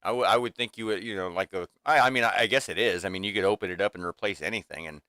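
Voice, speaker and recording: Forceful rambling man venting on stream. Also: fairly low pitch, racing, dry recording, studio quality. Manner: rambling, venting, full of restarts and fillers. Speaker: livestream host. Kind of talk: casual livestream chat. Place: small home workshop room.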